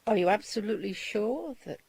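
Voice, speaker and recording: A woman's voice: medium pitch, expressive, brisk, gravelly, darkish tone, husky, no echo. A woman researching electronic voice phenomena, speaking earnestly in an interview about her experiences. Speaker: EVP researcher. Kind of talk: interview testimony.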